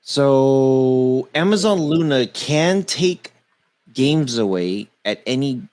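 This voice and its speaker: A man co-hosting a casual tech podcast, reading quickly through a long list and tripping over names. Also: medium pitch, lively intonation, a little mellow. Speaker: podcast co-host.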